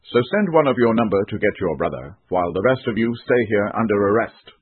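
A man's voice: lowish voice, big pitch swings, fairly quick, slightly rough, no room sound. A man reading the lines of a stern male governor who tests strangers, in a commanding, solemn manner over a tinny recording. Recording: tinny phone-like dry recording.

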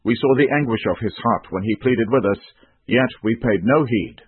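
A man's voice: mid-range voice, normal speed, breathy edge, no room sound, lightly acted. A man reading the lines of a frightened band of grown brothers, in an anxious, pleading manner over a tinny recording. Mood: remorseful. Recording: tinny phone-like dry recording.

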